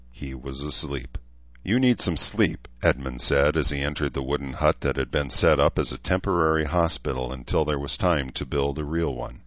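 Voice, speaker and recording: A man narrating an audiobook in an even, measured reading, on a dry, slightly dull recording. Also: a bass voice, dry recording.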